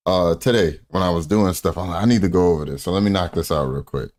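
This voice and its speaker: A man's voice: low-pitched, quick pace, a little mellow. A man hosting a reaction commentary, mocking and profane, rambling as he talks. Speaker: commentary host.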